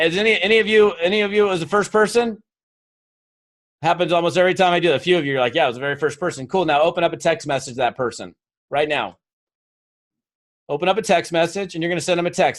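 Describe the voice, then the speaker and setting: Man, motivational speaker, live seminar, energetic, coaxing, storytelling, slightly high voice. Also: quick pace. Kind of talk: live seminar talk to an audience.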